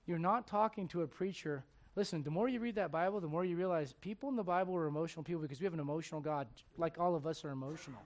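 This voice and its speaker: A man in his forties preaching a sermon. He moves from loud urging to quiet confiding. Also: a little high, rapid-fire, few pauses. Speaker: pastor.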